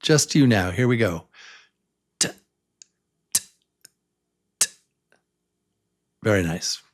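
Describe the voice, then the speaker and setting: Slow, patient male English teacher. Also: fairly low pitch, expressive. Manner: patient, repeats each sound slowly and invites the learner to answer. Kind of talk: slow beginner pronunciation lesson.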